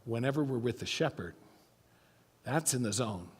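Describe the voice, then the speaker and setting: A man's voice: medium pitch, lively intonation, normal speed, husky. Man preaching in an echoing church. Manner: storytelling, shifting from emphatic to hushed. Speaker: pastor. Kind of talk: sermon. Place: church sanctuary. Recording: church hall reverb.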